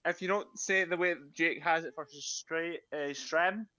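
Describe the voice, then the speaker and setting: A man's voice: on the high side, fairly even intonation, moderate pace, bright, forceful tone, dull audio. A man joking around and laughing in casual voice chat with other players on a game server. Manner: playful, joking, laughs often.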